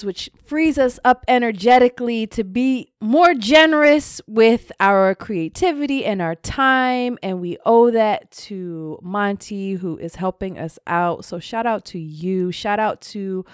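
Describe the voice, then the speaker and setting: A woman co-hosting a podcast, giving playful and thankful shout-outs in casual chat. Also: medium pitch, clean tone, no room sound, clean studio sound. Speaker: podcast co-host.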